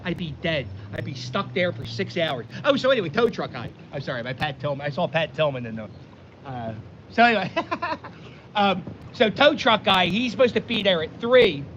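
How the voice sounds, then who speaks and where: Man, rambling storyteller, lively swooping voice, dull windy outdoor recording. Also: sits high, normal speed. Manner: animated, self-deprecating, rambling with many restarts. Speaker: vlogger. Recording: dull audio with wind noise.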